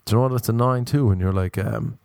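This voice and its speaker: A man's voice: fairly low pitch, fast, gravelly, darkish tone, a little hiss or hum. A young Irish man telling a rambling comic story, ranting with exasperation and swearing. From Ireland. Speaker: stand-up comedian.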